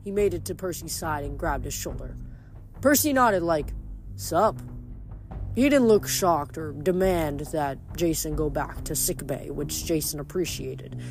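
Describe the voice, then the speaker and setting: Steady reader narrating a novel. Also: mid-range voice, normal speed, faint music behind. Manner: steady, plain reading with small self-corrections. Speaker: narrator reading a novel aloud. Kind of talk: fan audiobook reading with recap.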